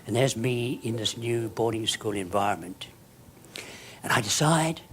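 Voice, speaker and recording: A man, giving a motivational speech full of stories, sinking to whispers and then bursting into loud exclamations. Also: medium pitch, animated, moderate pace, slight background noise. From South Africa. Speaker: keynote speaker.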